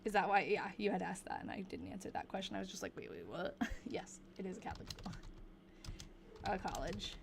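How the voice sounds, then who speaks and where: A young woman hosting a casual livestream, chatting and slowly reading diary entries aloud, laughing often. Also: medium pitch, creaky, background noise.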